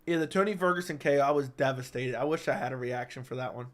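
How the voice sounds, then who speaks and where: An MMA channel host runs a casual live-stream chat, answering viewers at a fast pace in a medium-pitched voice. Stuck with hiccups, he keeps stopping and restarting his sentences.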